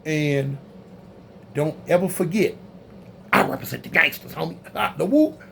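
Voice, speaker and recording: A man telling a story in a casual, animated, slangy way, acting out other people's voices. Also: a little high, unhurried, creaky, a little hiss or hum. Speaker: storyteller recounting prison life.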